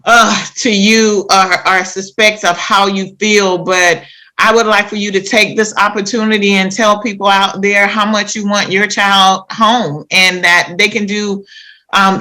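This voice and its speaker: A woman hosting a podcast, making an earnest, measured appeal and comforting a guest. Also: medium pitch, little pitch movement, sharp tone, poor audio. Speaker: podcast host. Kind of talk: slow, earnest appeal and interview.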